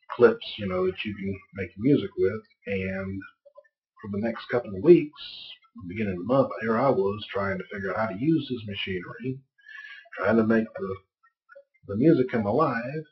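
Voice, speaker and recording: A man with a fairly low voice gives an informal, rambling voice-over about his own film production. His speech is folksy and loose, and the audio is dull and lo-fi. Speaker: filmmaker narrating his production. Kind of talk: documentary voice-over.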